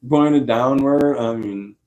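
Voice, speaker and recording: Man vlogger, mid-pitched, chatty and meandering, talking to camera from his couch. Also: slow pace, a little mellow, lo-fi sound, a little hiss or hum. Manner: chatty, meandering, self-correcting; doting baby-talk to his dog. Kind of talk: casual rambling talk to camera. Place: at home on a couch. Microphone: desk microphone.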